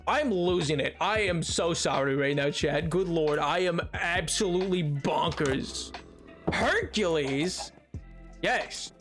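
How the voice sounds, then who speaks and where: A man's voice: on the high side, slow, a bit bright. A young man streaming a game, chatting casually in a goofy, rambling way. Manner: goofy, rambling, breaks into silly noises and sings along. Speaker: Minecraft streamer. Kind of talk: casual live-stream chat. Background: music playing.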